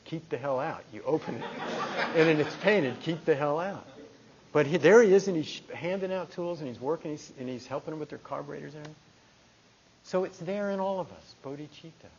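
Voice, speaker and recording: A middle-aged man from New Jersey giving a meditation talk, telling a personal story in a lively conversational way. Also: a little high, a little hiss or hum. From New Jersey, USA. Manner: conversational, animated storytelling with restarts. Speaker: meditation teacher. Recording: dull lo-fi talk recording.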